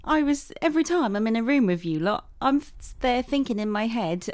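A woman chatting casually as a podcast co-host, mostly agreeing and adding soft reflections. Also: fairly high pitch, expressive, brisk. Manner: agreeable, prone to soft backchannel replies. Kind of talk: casual chat.

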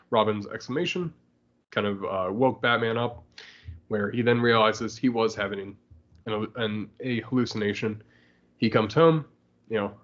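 A man's voice: on the low side, a bit bright, highs cut off. Laughing man recapping a comic. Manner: laughs often while recapping, acts out lines. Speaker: podcast co-host. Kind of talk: casual comic book chat.

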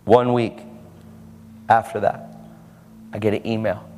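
A man's voice: on the low side, level tone, measured pace, darkish tone, big-room sound, soft background music. A man preaching a sermon, telling a story and acting out the lines of the people in it.

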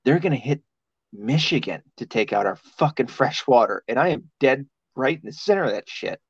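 A man's voice: medium pitch, animated, fairly quick, slightly rough, no echo. A man in casual podcast chat, talking in a rambling, profane way and laughing often. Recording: dull lo-fi sound.

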